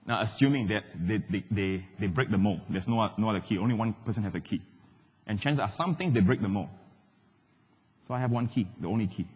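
Middle-aged man preaching, loud then hushed, slightly husky, recorded live in a big echoing church. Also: fairly low pitch, a little fast. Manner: animated preaching, swings between loud and hushed. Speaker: pastor. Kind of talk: sermon. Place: large church hall. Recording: live church hall with long reverb.

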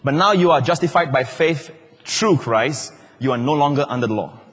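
Male pastor, husky voice, sermon delivery with teasing audience asides. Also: a little high, animated, moderate pace, a bit bright. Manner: playful, teasing asides to the congregation. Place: large church hall. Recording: long hall reverb.

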